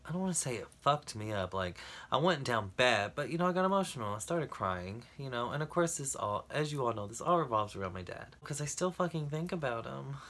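Bright-voiced man ranting bluntly. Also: medium pitch, animated, a little fast. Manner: blunt, swears freely, rambling and emotional. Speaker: vlogger. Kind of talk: candid personal vlog rant.

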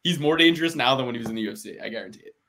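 Rambling, profane man chatting about fights. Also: very fast. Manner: rambling, profane, laughing, lively swings in pitch and volume. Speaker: podcast co-host. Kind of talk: casual fight-betting chat.

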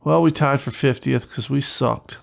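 A man hosting a gaming channel, giving casual, excitable gameplay commentary, talking to viewers and swearing when things go wrong. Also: medium pitch, normal speed, vocal fry, rough recording.

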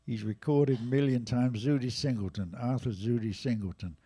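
Older english man, eighties, mellow voice, chatty anecdotes, lively quotes. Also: mid-range voice, normal speed, husky. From England. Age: 80s. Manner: lively, animated retelling with raised voices for quotes. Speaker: jazz drummer and storyteller guest. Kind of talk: casual anecdotal storytelling. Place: live museum listening room event.

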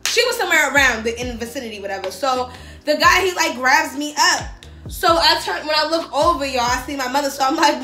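A young woman, telling a story on her vlog in a slangy, profane, animated way. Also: high voice, brisk. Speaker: vlogger. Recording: echoey room with faint music.

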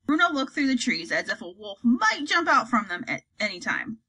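A woman reading a children's fantasy story aloud, acting out the characters in a lively way. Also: a little high, normal speed, few pauses, slightly rough, poor audio. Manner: acts out characters, lively delivery. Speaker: audiobook reader.

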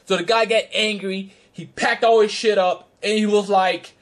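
A man's voice: high voice, fairly even intonation, normal speed, a bit bright. A man casually telling a story in a vlog, brash and profane, with frequent laughter and trash-talk. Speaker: card game player recounting a tournament.

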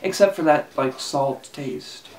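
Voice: mid-range voice, takes it slowly, darkish tone. A casual product reviewer at home, talking in a hesitant, rambling way with lots of fillers and restarts. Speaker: e-liquid reviewer.

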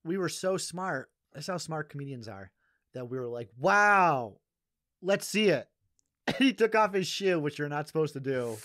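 A man's voice: on the high side, lively intonation, normal speed, no room sound, clean studio sound. A young adult male comedian from Massachusetts who tells a podcast story casually and rambles, laughing often and asking "you know what I mean". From Massachusetts, USA. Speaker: comedian guest.

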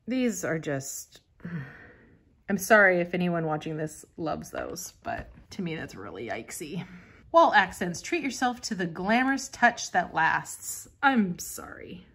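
Woman host, casual vlog commentary; chatty and excitable, reads lines aloud and reacts. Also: on the low side, unhurried. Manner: chatty and excitable, gasps and laughs at items. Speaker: vintage catalog vlogger. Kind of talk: casual commentary while reading a catalog.

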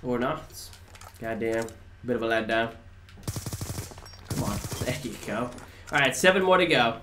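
Laid-back Dutch streamer, roomy sound. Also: male voice, medium pitch, lively intonation, measured pace. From Netherlands. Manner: casual, swears, banters with viewers. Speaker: game streamer. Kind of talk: live gameplay commentary, answering chat. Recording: roomy echo, faint background noise.

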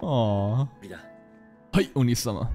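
An anime reaction streamer giving excitable, profane live commentary, talking straight at the screen. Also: medium pitch, slow pace, soft background music.

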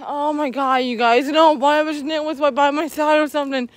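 A woman's voice: high-pitched, normal speed, dry recording. A woman vlogging while she walks alone outdoors, talking to her viewers in a jittery, rambling way and saying "you guys" over and over. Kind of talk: walking vlog talking to viewers.

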